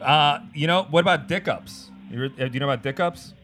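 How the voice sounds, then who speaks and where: A man's voice: a little high, quick pace, pushed and bright, soft background music. A man co-hosting a podcast in casual chat, joking and asking questions. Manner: joking, interviewer. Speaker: podcast co-host.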